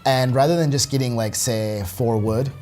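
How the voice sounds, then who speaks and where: A man giving relaxed, halting commentary while demonstrating a video game, with many fillers. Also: mid-range voice. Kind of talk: casual gameplay commentary. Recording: faint game music behind.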